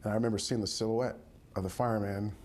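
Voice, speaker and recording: A man recounting his survival in a documentary interview, speaking quietly and earnestly. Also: fairly low pitch, fairly even intonation, fast talker.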